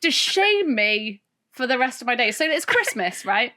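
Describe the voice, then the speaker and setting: A woman co-hosting a podcast, telling a funny story in casual chat, animated and often laughing. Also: fairly high pitch, normal speed. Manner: animated, laughing, tells stories with voiced asides. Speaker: podcast co-host.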